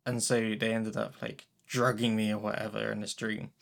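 A young man in casual chat, telling a story in an animated way, acting out what he said and swearing freely. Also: lowish voice, normal speed, vocal fry. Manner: animated storyteller, acts out his own lines, swears freely.

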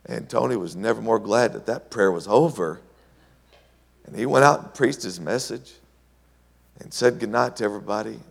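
A man preaching a sermon, telling a story in an animated way, swinging between loud and hushed passages. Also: low voice, vocal fry. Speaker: pastor. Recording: long hall reverb.

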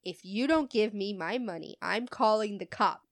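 A woman voicing a rude, demanding female customer who insists loudly and angrily. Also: medium pitch, normal speed, dry recording, clean studio sound, natural voice. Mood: furious.

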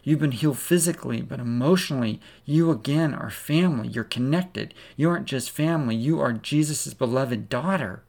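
Male preacher, gravelly, mid-pitched, dramatic second-person storytelling sermon. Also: moderate pace, few pauses, darkish tone.

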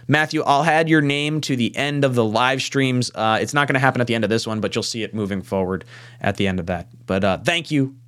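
A man's voice: medium pitch, brisk, a bit bright. A man hosting a casual sports panel livestream, joking and reading viewer comments aloud. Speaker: panel host.

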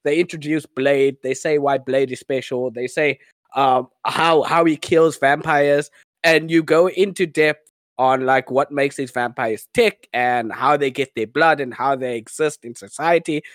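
A man's voice: mid-range voice, fairly even intonation, measured pace, no echo. A man co-hosting a podcast in casual chat, enthusiastic and gushing, laughing often. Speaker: podcast co-host.

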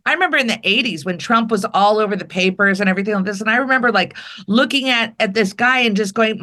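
A woman comedian talking casually as a guest, telling animated stories and acting out the people she quotes. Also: medium pitch, a little fast. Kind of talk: casual political chat.

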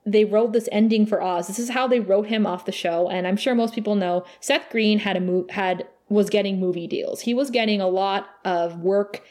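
A woman's voice: mid-range voice, steady tone, moderate pace, hardly any pauses, darkish tone. A woman co-hosting a casual podcast, recapping a TV episode in an emotional, gushing way and laughing often. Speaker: podcast co-host.

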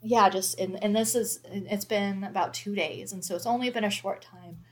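A woman's voice: mid-range voice, moderate pace. A woman in her thirties, a mother of four, talking candidly and reflectively in a casual faith conversation, with many fillers.

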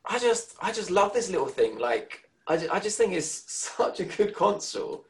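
A British man chatting casually as a podcast co-host. His pitch rises and falls a lot, and he rambles, stumbling and restarting his sentences as he goes. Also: big pitch swings, moderate pace, rough recording. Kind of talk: casual gaming chat.

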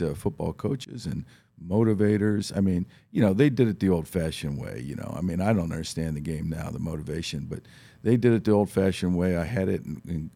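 A low-pitched, gravelly, husky man in his 50s from Ohio, USA, a former football player, visits a radio studio as a guest. On a casual talk show he tells animated stories, acting out the voices he quotes.

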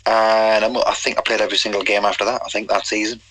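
Low-pitched Geordie ex-footballer spinning yarns. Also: male voice, level tone, quick pace, bright, forceful tone, dry recording, low-quality recording. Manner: rambling anecdotes with quoted dialogue and restarts. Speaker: guest, former footballer. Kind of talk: casual interview storytelling.

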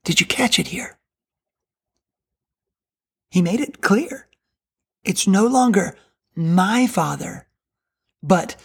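A woman giving earnest, emphatic Bible teaching on a podcast, slowing down to read scripture aloud. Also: medium pitch, animated, husky.

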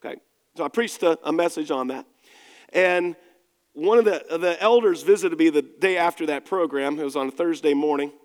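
A male pastor telling a story from the pulpit, casual and self-deprecating. His voice sits a bit high for a man. A long church reverb hangs behind his words. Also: moderate pace. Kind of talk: sermon with personal anecdote.

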